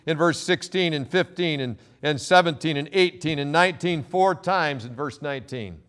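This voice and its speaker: A male pastor preaching a sermon, reading scripture and swinging between loud emphatic quotes and quiet asides. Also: a little high, moderate pace, hardly any pauses.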